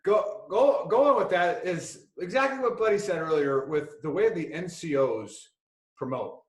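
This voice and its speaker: A man's voice: sits high, animated, a little slow. A man hosting a casual podcast, rambling and joking with frequent swearing. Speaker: podcast host. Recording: echoey room.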